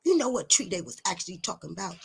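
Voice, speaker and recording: A woman's voice: on the low side, very animated, quick pace, creaky, breathy edge. Blunt, preachy woman lecturing viewers. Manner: emphatic, blunt, swears, repeats words for stress; taunting rhetorical questions. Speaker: self-styled teacher addressing viewers. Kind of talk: preachy direct-to-camera monologue.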